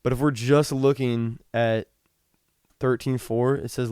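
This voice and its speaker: A young man hosting a podcast, talking casually about the Bible, reading scripture slowly and rambling with frequent restarts. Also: medium pitch, steady tone, darkish tone, clear, resonant tone, dry recording, studio quality. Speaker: podcast host. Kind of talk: casual Bible teaching talk.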